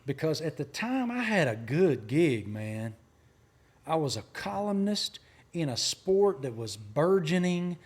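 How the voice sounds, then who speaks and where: Animated Southern man telling stories. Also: a little high, unhurried, slightly rough. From Appalachia, Virginia. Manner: animated, emphatic storyteller. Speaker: sports journalist guest. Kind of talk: storytelling interview talk.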